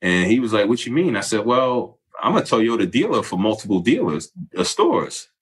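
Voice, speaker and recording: A former basketball player tells a story candidly in casual conversation, relaxed and acting out the voices of people he quotes. His voice is fairly low and his speed normal.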